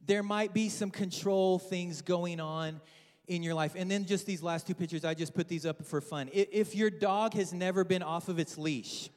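A man's voice: high-pitched, steady tone, normal speed, darkish tone. A man in his thirties preaching a humorous sermon, telling family stories and joking with the congregation. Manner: storytelling, joking with the congregation, acting out family voices. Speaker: guest preacher. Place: large church with balcony. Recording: long hall reverb.

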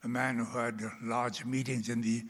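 An elderly Welsh man preaches a sermon, recounting a story from his boyhood slowly and dramatically, dropping to a whisper for emphasis. His voice is medium-pitched with a flat delivery, and a long hall reverb surrounds it.

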